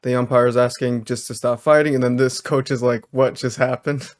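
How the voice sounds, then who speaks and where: A male social worker narrates his reaction to a video in a measured, explanatory way. He hedges his points carefully, in an ordinary mid-pitched voice. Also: steady tone.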